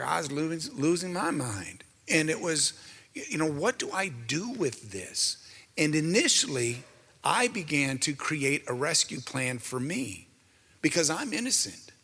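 With a slightly high, creaky, husky voice that comes out pushed and bright, this Christian talk show co-host preaches his testimony. He speaks earnestly and straight to his audience, and the recording has a big-room sound.

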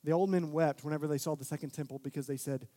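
A young man preaches a sermon in a fairly high voice. He talks in a relaxed, plain way, then his delivery turns animated and rises to loud, emphatic peaks. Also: quick pace. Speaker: pastor.

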